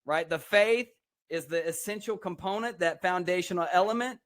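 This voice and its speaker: A young Texan man talks with eager, preacher-like energy in a casual podcast chat. He laughs easily, and his voice sits a little high for a man. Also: moderate pace, a bit bright. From Texas. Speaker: podcast guest, speaker and personal trainer.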